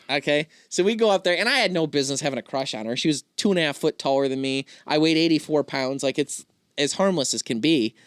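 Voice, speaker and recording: A man hosting a podcast, telling a story in casual chat, animated and laughing often. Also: on the high side, quick pace, clear, resonant tone, no echo, clean studio sound. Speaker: podcast host.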